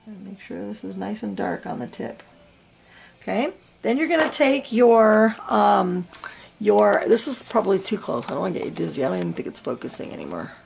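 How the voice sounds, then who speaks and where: A woman teaching a coloring lesson, talking through each step in a soft, chatty way with plenty of fillers. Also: mid-range voice, animated, normal speed, gravelly, a little hiss or hum. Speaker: coloring instructor. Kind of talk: real-time art tutorial.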